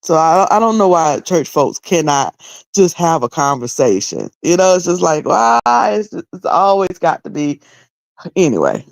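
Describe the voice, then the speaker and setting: A woman's voice: sits low, sing-song, unhurried, vocal fry, no echo. A middle-aged woman giving loose, candid commentary on a video, rambling and often repeating herself. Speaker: online commentator.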